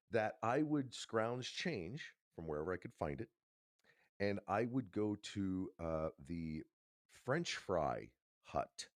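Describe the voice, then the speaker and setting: A man's voice: low-pitched, very animated, takes it slowly, no room sound, studio quality. A man co-hosting a podcast, telling a personal story in a casual, emphatic way and swearing now and then. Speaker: podcast co-host.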